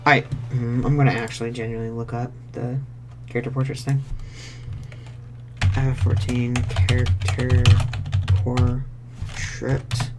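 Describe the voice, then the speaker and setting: Over music, a streamer with a medium-pitched, fairly flat voice plays an online role-playing game at a measured pace, pausing often. They talk to themself in casual let's-play commentary, muttering, swearing freely, and reading game text aloud.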